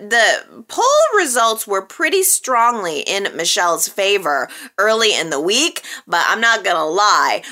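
Lively bright-voiced woman chatting to viewers. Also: medium pitch. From American Midwest and Texas. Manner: chatty, laughs often, playful teasing asides. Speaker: soap opera chat show host. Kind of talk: casual chat to viewers.

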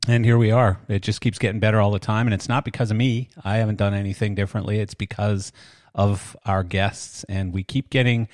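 Older man, low voice. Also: fairly even intonation, a little fast, darkish tone, no echo, studio quality. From Canada. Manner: rambling, self-deprecating, chatty. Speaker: podcast host. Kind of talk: casual podcast chat.

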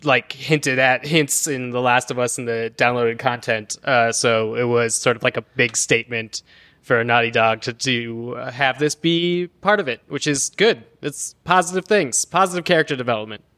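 A man on a pop culture podcast talking at length, keen and full of "uh"s. His voice is bright and smooth, and his pitch sits in the middle. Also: normal speed, no room sound. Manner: enthusiastic, detailed, lots of fillers. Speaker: podcast co-host. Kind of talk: casual pop culture chat.

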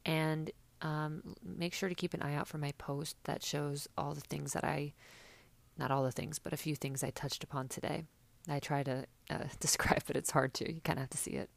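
A woman's voice: low voice, level tone, moderate pace, vocal fry, no echo. A young woman chatting casually and sarcastically as a podcast host, with many fillers. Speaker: podcast host recapping reality TV. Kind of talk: casual chat.

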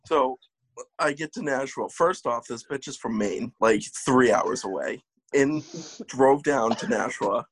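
A man's voice: mid-range voice, measured pace, dry recording, poor audio. A young man, host of a casual chat show, telling a rambling, profane story full of laughs. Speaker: podcast host.

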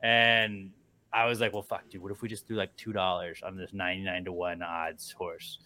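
A man hosting a casual podcast chat, telling animated stories, swearing freely and acting out quotes. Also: low voice, normal speed. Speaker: radio morning show host.

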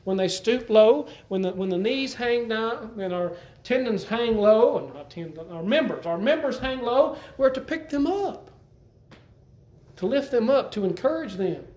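A man delivers a sermon in a conversational way, repeating phrases and asking his congregation questions. His voice sits high for a man. The sound is roomy, with the echo of a church hall. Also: lively intonation, unhurried, darkish tone. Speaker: preacher.

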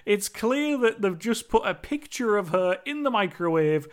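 A young man talks through a movie he watched, rambling and laughing as he goes. His voice sits high for a man. Now and then he acts out lines from the film. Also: very animated, normal speed. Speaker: movie reviewer. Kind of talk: casual spoken movie review.

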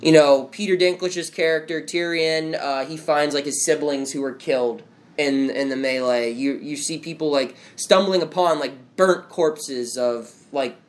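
Recapping a show in a relaxed chat at home with family and friends, this young man speaks unhurriedly in a slightly high voice. He wanders from point to point and fills his sentences with "like."

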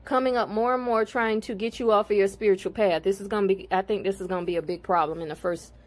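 A woman's voice: medium pitch, steady tone, quick pace. A woman spiritual card reader and healer talking casually to her viewers, blunt and profane, growing heated and preachy.

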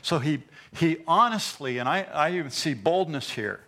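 A male pastor preaching an impassioned sermon in church, swinging between loud emphasis and hushed asides, with stammered repeats. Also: a little high, animated, moderate pace.

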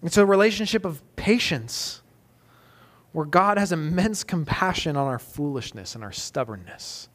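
A man, likely in his thirties, preaching a sermon as pastor, moving between emphatic loud peaks and soft, intimate questions. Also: a little high, expressive, normal speed.

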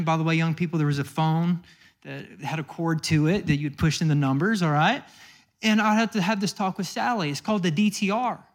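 A high-pitched man preaches a sermon in a chatty, storytelling way. He slips into little acted-out voices for the people in his stories. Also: fairly bright tone. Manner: conversational storytelling with acted quotes. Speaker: pastor.

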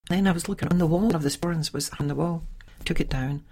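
A middle-aged woman hosting a podcast, telling a personal story in a chatty, animated way. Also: deep voice, fast talker, husky. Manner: chatty, animated, with sighs and laughs. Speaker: podcast host. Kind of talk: casual storytelling monologue.

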